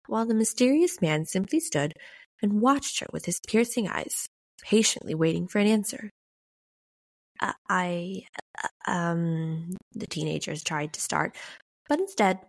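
A woman reading a story aloud as a podcast narrator, in a measured, gentle pace with dramatic pauses. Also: on the low side, gravelly.

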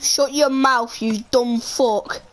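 A woman's voice: fairly high pitch, steady tone, takes it slowly, a little hiss or hum. Giggly, foul-mouthed woman streaming. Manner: giggly, swears freely, jokey. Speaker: live streamer. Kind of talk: casual gaming stream chat.

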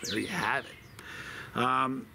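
A man's voice: medium pitch, lively intonation, drawn-out words, gravelly, pushed and bright, slight background noise. A man reviewing hot sauce outdoors, talking in a rambling, chatty way with lots of fillers. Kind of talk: casual outdoor video review. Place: outdoors in a desert backyard with birds.

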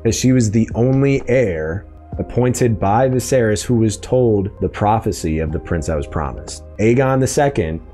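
A man hosting a podcast, chatting in an excitable, casual way as he breaks down a TV episode. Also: lowish voice, normal speed, faint music behind. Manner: chatty, excitable, acts out quoted lines. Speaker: podcast host.

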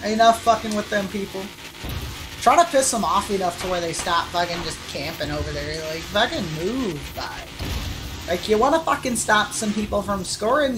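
Slow-talking foul-mouthed woman gamer. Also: mid-range voice, noisy background. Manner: profane trash-talking, bursts into shouts. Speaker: game streamer. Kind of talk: live gameplay commentary.

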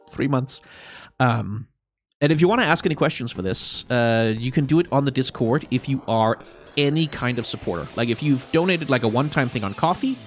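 This man sounds stuffed-up and nasal, his sinuses swollen, as he winds down a casual solo Q&A. He rambles, circles back on his own words and swears offhandedly. Faint music plays quietly behind him. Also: mid-range voice. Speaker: YouTuber answering viewer questions.

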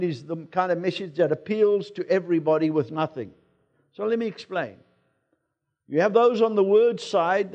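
A South African man preaching in a church, talking to the congregation as though chatting with friends. His voice sits fairly high for a man. The recording is dull and lo-fi. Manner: conversational preaching with personal anecdotes. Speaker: pastor. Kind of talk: sermon. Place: church sanctuary.

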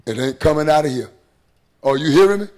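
Middle-aged man, pastor, church sermon, hushed to rising delivery, high voice. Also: animated, quick pace. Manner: preaching with call-and-response rhythm, shifting between hushed and rising. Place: church sanctuary.

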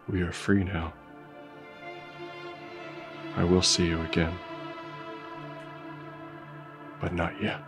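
A man reenacting a grieving, vengeful Roman general with slow, solemn delivery over music. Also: on the low side, lightly acted. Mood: hushed grieving. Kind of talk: film scene reenactment. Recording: clear music behind.

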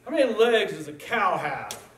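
A man's voice: high-pitched, sing-song, moderate pace, a little hiss or hum, pitched above the performer's own voice. A man voicing a shrewd, plain-spoken male statesman who reasons patiently with an opponent, heard from far off in an echoey church. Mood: patient reasoning.

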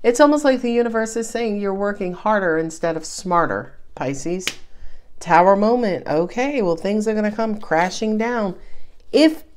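A woman's voice: medium pitch, darkish tone, slight background noise. A woman reading tarot cards to camera in a casual, emphatic way, full of slang and calling the listener baby. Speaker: tarot reader.

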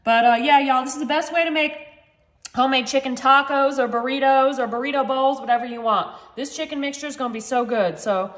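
A woman's voice: high-pitched, fairly quick, fairly bright tone. A woman chatting playfully through a home cooking demonstration, talking to viewers as y'all. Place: home kitchen. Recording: echoey kitchen with faint noise.

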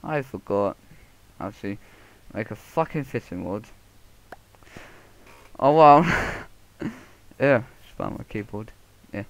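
A man's voice: lowish voice, lively intonation, vocal fry. A man narrating his own gameplay, muttering to himself and swearing through a muffled headset microphone. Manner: mumbling to himself, swearing, quick outbursts. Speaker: Let's Play gamer. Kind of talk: casual gameplay commentary. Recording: muffled headset audio, faint noise.

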